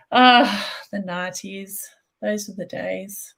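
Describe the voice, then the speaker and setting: A woman guest chatting on a livestream in a relaxed, agreeable way. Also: mid-range voice, moderate pace, creaky, poor audio. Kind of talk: casual chat on a livestream.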